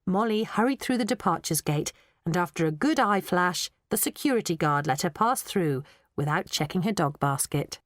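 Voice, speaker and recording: A woman narrating a children's audiobook in an expressive storytelling manner, close to a studio mic. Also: lowish voice, moderate pace, no room sound. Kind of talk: scripted narration.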